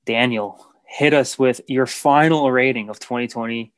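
A man co-hosting a casual podcast, talking in a relaxed, enthusiastic way with many fillers. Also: mid-range voice, normal speed, no room sound. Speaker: podcast co-host.

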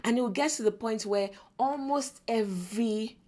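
A woman in her forties with a Nigerian English accent hosts a faith-based parenting podcast. She tells stories in an animated way, acting out the lines of the people in them. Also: a little high, moderate pace. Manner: animated storyteller who acts out quotes and laughs often. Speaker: podcast host.

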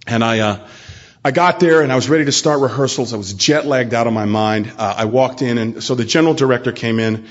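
A man's voice: mid-range voice, a little fast. A man speaking to a convention hall, telling his story earnestly and turning to the crowd as "folks." His voice sits mid-range and comes through a dull, lo-fi recording. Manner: earnest, plain storytelling, speaks directly to the audience. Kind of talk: sharing a personal recovery story.

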